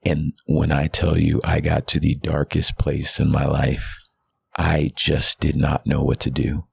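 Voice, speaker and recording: A man's voice: rumbling low, little pitch movement, a little slow, creaky, slightly rough, no room sound. A man in his thirties, a pastor and podcast guest, telling a personal story in an earnest, heartfelt way. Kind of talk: candid personal testimony.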